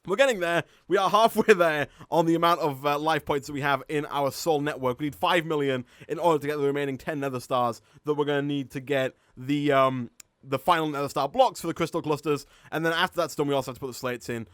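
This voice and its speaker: A man's voice: on the high side, fairly even intonation, quick pace, fairly bright tone, dry recording, clean studio sound. A man with a Yorkshire accent giving chatty live-stream gameplay commentary, thinking aloud and laughing often. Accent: Yorkshire English. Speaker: gaming streamer.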